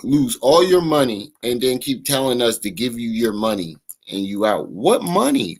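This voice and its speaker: A man's voice: medium pitch, big pitch swings, moderate pace, hardly any pauses, husky. A man hosting a livestream, giving mocking, incredulous reaction commentary full of profanity. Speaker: livestream host.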